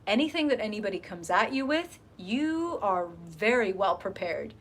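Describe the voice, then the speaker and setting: A woman hosting a live tarot stream, reading cards and talking casually to her viewers, animated and sometimes swearing. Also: mid-range voice, moderate pace.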